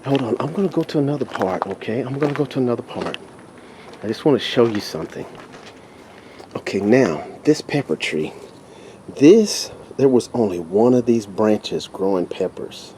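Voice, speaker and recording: A man with a Texan drawl showing his garden, talking in an excited, stumbling way and repeating himself, recorded outdoors on a handheld camera. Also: mid-range voice, normal speed, slight background noise. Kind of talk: casual walk-through vlog.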